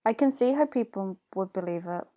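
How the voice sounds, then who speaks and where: A woman's voice: medium pitch, animated, fairly quick, mellow. A woman co-hosting a casual podcast, reacting animatedly and joking playfully. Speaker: podcast co-host.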